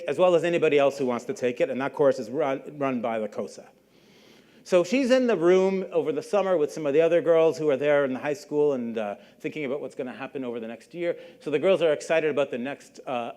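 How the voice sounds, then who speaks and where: A middle-aged guest lecturer with a slightly high, darkish male voice tells a story at a public lecture. His manner is conversational, and he briefly acts out the voices of the people he quotes.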